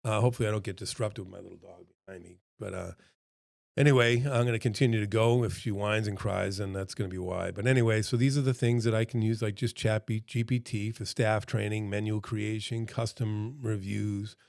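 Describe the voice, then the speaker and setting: A man's voice: fairly low pitch, steady tone, brisk, creaky, darkish tone, dry recording, clean studio sound. A middle-aged man who runs a restaurant consultancy gives a casual talk to camera from home, chatty and earnest, with lots of fillers and quoted voices. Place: home room with a dog nearby.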